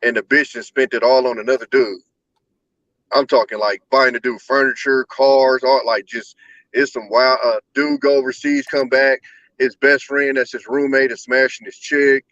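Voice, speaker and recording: A man's voice: medium pitch, little pitch movement, normal speed, fairly bright tone, no room sound. A man hosting a casual podcast, telling rowdy, profane stories with a "bro" in nearly every sentence. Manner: profane, rowdy storytelling, says "bro" constantly. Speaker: podcast host. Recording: dull, dry lo-fi sound.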